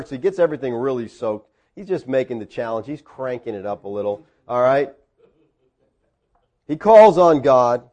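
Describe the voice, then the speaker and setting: A man preaching a sermon, telling a story with swings between quiet asides and loud peaks. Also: medium pitch, expressive, normal speed. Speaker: pastor.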